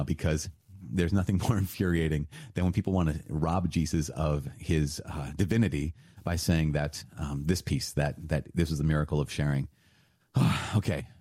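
Deep, husky, emphatic preacher man. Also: normal speed, dry recording, clean studio sound. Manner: animated, emphatic, laughs and jokes with sarcasm. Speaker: priest teaching on scripture. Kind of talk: conversational sermon.

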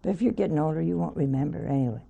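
A woman's voice: deep voice, lively intonation, rapid-fire, gravelly, warm tone, husky, muffled recording. An older woman, a nun, preaching a sermon by telling a homely story with wry asides.

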